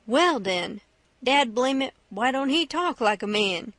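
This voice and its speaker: A woman's voice: a little high, animated, measured pace, fairly bright tone, no room sound. A woman reading the lines of a stubborn grown man who keeps insisting in an argument with a boy, in an audiobook.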